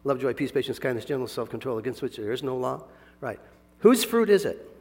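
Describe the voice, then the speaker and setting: A male pastor preaching a sermon, animated, swinging between soft asides and loud emphatic bursts, chuckling often. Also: medium pitch, fast, in a large hall.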